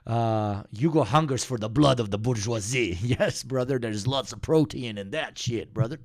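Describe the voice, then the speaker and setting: A man from the Balkans with a slight Slavic accent, a squeaky voice with deep undertones, chatting and joking on a stream and swearing freely. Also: normal speed. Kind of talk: casual stream chat.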